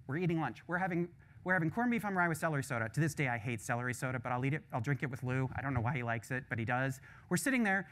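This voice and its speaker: Male visiting professor, slightly higher voice, frank storyteller with casual asides. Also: animated, rapid-fire, fairly bright tone. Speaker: visiting professor giving a lecture. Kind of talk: lecture closing remarks.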